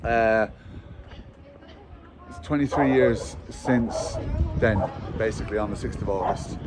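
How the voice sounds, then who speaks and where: A man in his forties, an interview guest talking openly while walking outdoors, telling stories with halting restarts. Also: fairly low pitch, heavy background noise. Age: 40s. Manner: open, storytelling, halting restarts. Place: outdoors in a hillside village, walking.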